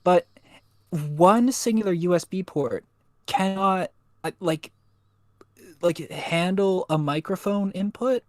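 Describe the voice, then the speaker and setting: A man's voice: high-pitched, slow, long pauses, no echo, clean studio sound. A young man chatting casually on a livestream, rambling and swearing with self-mocking humor. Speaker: co-host. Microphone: USB desk microphone.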